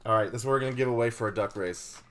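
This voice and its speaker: A man's voice: mid-range voice, racing, fairly bright tone. A man hosting a card-break stream in casual chat, with dry, teasing banter.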